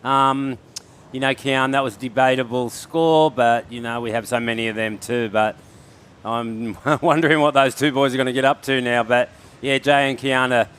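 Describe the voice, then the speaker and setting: A man's voice: medium pitch, steady tone, moderate pace, fairly bright tone, clean tone. Rambling Australian male surf commentator. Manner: rambling, laughing storyteller. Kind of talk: casual on-air storytelling.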